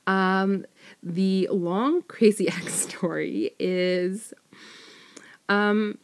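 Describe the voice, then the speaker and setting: A woman's voice: medium pitch, fairly even intonation, extremely slow, smooth. A woman casually telling a personal story, rambling with many fillers and self-corrections. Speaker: storyteller sharing a personal experience.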